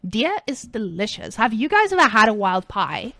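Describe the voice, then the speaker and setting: A woman's voice: mid-range voice, huge pitch swings, creaky, bright, forceful tone, dry recording, heavily acted. A woman putting on a bubbly young American coffee-shop girl voice while commentating a strategy game, gushing and upbeat. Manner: gushing, upbeat, drawn-out exclamations.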